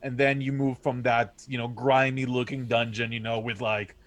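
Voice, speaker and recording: A man in casual podcast chat, relaxed and meandering. His pitch sits in an ordinary middle range, and he pads his sentences with easy fillers as he describes things. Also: moderate pace. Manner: laid-back, rambling with many fillers. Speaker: podcast guest, game developer.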